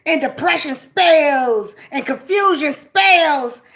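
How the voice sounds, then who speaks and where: A woman's voice: very high voice, big pitch swings, slow, pushed and bright, voice pushed up, heavily acted. A woman voicing a jealous, spiteful rival who taunts and mocks, laughing between phrases. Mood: taunting.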